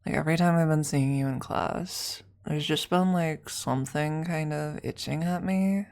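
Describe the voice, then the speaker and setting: A woman's voice: low voice, gravelly, darkish tone. A woman playing a shy flirty classmate, whispered role-play. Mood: hesitant flirty. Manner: hesitant, full of likes and trailing pauses.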